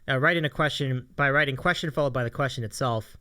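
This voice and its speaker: A man's voice: medium pitch, quick pace, pushed and bright. A man co-hosting a casual live-streamed talk show, upbeat and enthusiastic, often repeating himself. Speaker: podcast co-host. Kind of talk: casual chat.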